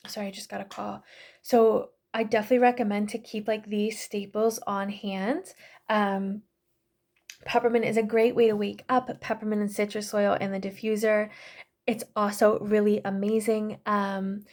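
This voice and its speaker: A woman's voice: mid-range voice, darkish tone. A woman in her thirties teaching a casual online class, chatty and full of fillers, often correcting herself. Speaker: yoga and essential oils class teacher.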